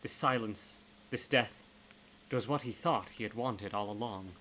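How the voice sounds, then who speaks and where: A man narrating a horror novel aloud in a live-streamed reading, in steady tones with occasional self-corrections. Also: lowish voice, moderate pace, slight background noise, rough recording. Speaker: reader.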